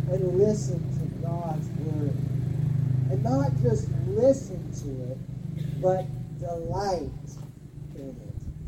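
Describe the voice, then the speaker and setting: A woman pastor giving a sermon, earnest and emphatic, often repeating words and pausing. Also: on the low side, far from the mic, heavy background noise. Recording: roomy sound from off-mic.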